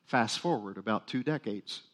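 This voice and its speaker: A man's voice: on the low side, expressive, normal speed. A male pastor preaching a sermon in a conversational, self-deprecating way with jokes.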